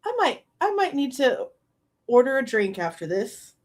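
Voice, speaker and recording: A woman with a high, bright voice hosts a live true crime reaction stream. She sounds exasperated and sarcastic, swears freely and laughs often between remarks. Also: very animated, moderate pace.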